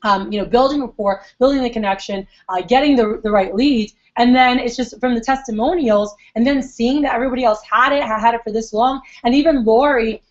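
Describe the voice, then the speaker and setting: A young woman talks quickly through a sales training story, slightly high-pitched and full of chatty asides as she acts out her customers' lines. The recording sounds dull and lo-fi. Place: meeting room.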